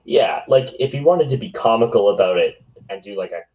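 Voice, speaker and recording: Male co-host, lowish voice, deadpan blunt asides, muffled lo-fi recording. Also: fairly quick. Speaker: podcast co-host. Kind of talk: casual chat. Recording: dull, lo-fi mic.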